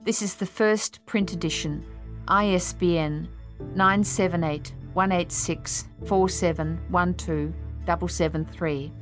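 A woman reading an audiobook in a measured, even storytelling delivery. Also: fairly low pitch. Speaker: audiobook narrator. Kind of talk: scripted audiobook narration.

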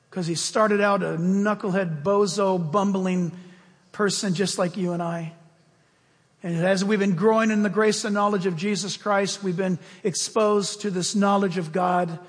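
A man preaching a sermon as pastor, telling stories with lively swings between loud emphasis and soft asides. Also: high voice, unhurried, in a large hall.

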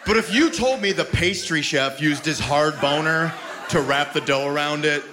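Brash male stand-up comic, highish voice, shouts punchlines; live club sound with noise. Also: moderate pace. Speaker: stand-up comedian. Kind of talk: stand-up set. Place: comedy club before a live audience. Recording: noisy live club recording.

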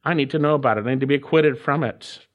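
A man preaching an expository sermon, stressing key phrases with repetition, slowing down and dropping to a hush for emphasis. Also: mid-range voice, lo-fi sound. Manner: emphatic, repeats key phrases with dramatic pauses; swings between loud and hushed, slows to stress words. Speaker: pastor.

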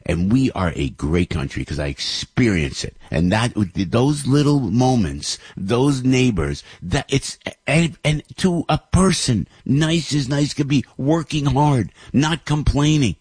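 A man's voice: medium pitch, very animated, measured pace, few pauses, darkish tone, slightly rough, dry recording, studio quality. A man, host of a show, telling a rambling, emotional story about his family with many restarts. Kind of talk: casual storytelling monologue.

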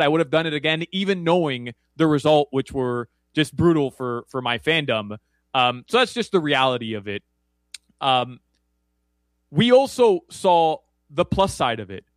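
With a voice on the higher side and no room sound at all, this man talks soccer betting picks as a guest analyst. The conversation is casual and wandering, peppered with fillers and restarts.

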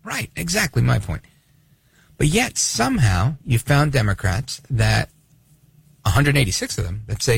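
A man hosting a talk radio show, giving sarcastic, animated commentary. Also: mid-range voice, normal speed, creaky, breathy edge, dry recording. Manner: sarcastic, animated, acts out voices of others.

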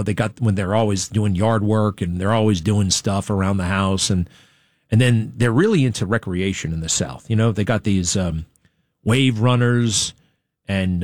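A man's voice: medium pitch, dry recording. A man hosting a talk radio show, rambling casually and asking his studio crew questions.

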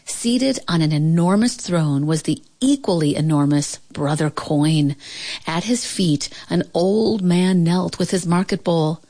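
A woman reads a children's storybook aloud, telling it with expression and a measured pace. Her voice sits a little low for a woman. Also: lively intonation, mellow. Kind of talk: storybook read-aloud narration.

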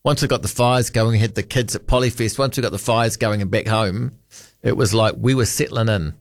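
In a radio studio, a man with a New Zealand accent hosts late-night talkback, rambling casually and reading listener texts aloud into a studio microphone. His lowish voice moves a little fast, and the recording is dry and studio quality.

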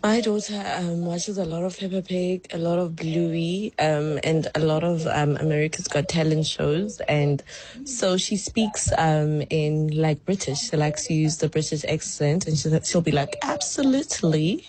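A woman's voice: low voice, steady tone, unhurried, dark tone. A woman calling in to a radio show, amused and hesitant. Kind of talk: casual radio call-in chat.

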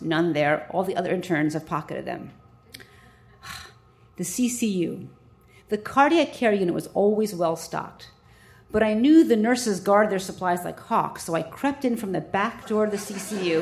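A woman doctor tells a personal story to listeners in a lively, wry way. Her voice sits at a middle pitch, and she leans into comic timing as she goes. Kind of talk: stage storytelling.

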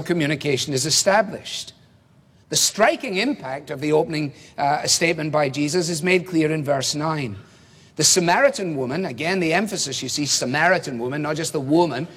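A male preacher delivers an expository sermon in a measured, emphatic way, pausing for rhetorical questions. His voice sits a little higher than most men's. It carries a long reverb, as if it were heard through a church sanctuary. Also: husky.

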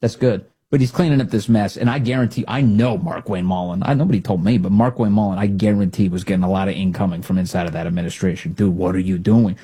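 A man's voice: fast talker, hardly any pauses, breathy edge. A man hosting a talk radio show, giving opinionated commentary and mocking others with exaggerated impressions. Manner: animated, mocking, mimics people in exaggerated high voices.

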